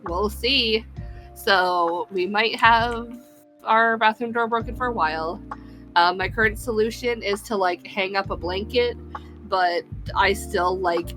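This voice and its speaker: Bright-voiced woman telling stories. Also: mid-range voice, measured pace, faint music behind. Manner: laughing storyteller, lots of fillers and swearing. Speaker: podcast co-host. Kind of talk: casual chat.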